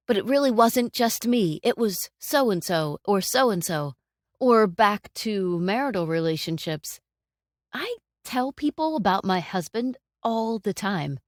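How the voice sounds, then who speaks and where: A middle-aged woman hosting a solo talk on relationships, conversational, warm, and fond of rhetorical questions. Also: medium pitch, no echo, studio quality. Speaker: podcast host.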